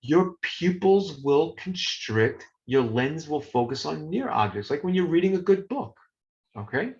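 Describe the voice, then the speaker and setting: A man teaching a live online lecture as a professor, playful and animated, talking to the chat. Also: a little slow, slight background noise. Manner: animated, playful, talks to chat, swings pitch. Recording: dull lo-fi stream audio.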